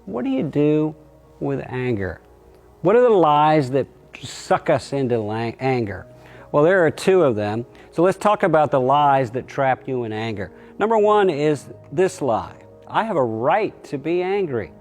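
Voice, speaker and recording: A middle-aged pastor giving a short, plainspoken sermon and acting out quoted voices. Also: male voice, sing-song, a little slow, a little mellow, soft background music. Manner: acts out quotes with raised pitch.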